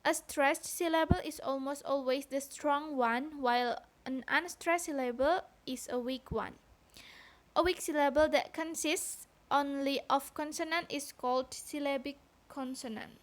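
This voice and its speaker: Slow, high-voiced woman explaining phonetics. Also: steady tone. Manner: careful, deliberate explanation with sounded-out examples. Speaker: student presenter. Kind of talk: read-aloud phonetics lesson.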